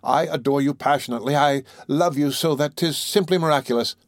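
A man's voice: a little high, brisk, no echo, studio quality, pitched above the performer's own voice, close to an everyday voice. A man playing Phoebus, a swaggering captain. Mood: flattering. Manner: swaggering, grand declarations.

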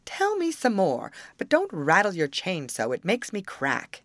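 A woman's voice: on the low side, huge pitch swings, unhurried, no echo. A woman voicing a newly made, innocent snowman in a storybook who asks eager, wondering questions in a raised voice. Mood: curious.

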